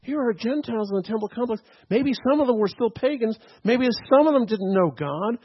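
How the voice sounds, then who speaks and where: A man's voice: very high-pitched, animated, a little fast, breathy edge, lo-fi sound. A man preaching a teaching sermon, checking in with "okay?" and "right?" as he explains. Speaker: pastor.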